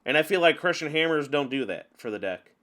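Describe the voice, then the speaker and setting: A man giving casual gameplay commentary on a card game, chatty and openly venting his frustrations with animated outbursts. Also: on the high side, quick pace. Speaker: gaming channel host.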